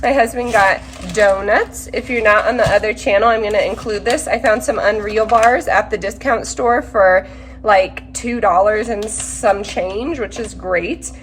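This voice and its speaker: A woman's voice: medium pitch, unhurried, slight background noise. A woman in her thirties, a mother chatting casually through a grocery haul, talkative and practical with rambling asides, a little sick. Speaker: mother vlogger.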